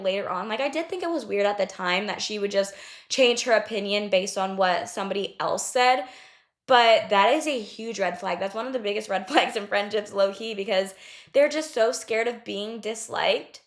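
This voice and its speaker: A young woman talks straight to her listeners in a loose, conversational way. She is blunt and drops swear words without a second thought. Her voice sits at an ordinary middle pitch for a woman. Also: fairly bright tone. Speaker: podcast host. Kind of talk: casual advice talk.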